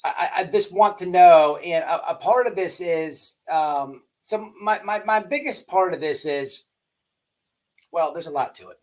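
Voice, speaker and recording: A man's voice: on the high side, a little slow, darkish tone. A man hosting a livestream commentary show, rambling and emphatic with many restarts. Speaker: host.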